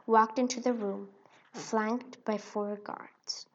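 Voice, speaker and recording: A woman narrating a children's storybook in an expressive read-aloud way. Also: mid-range voice, slow pace, creaky, a little hiss or hum. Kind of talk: storybook reading. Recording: dull lo-fi recording.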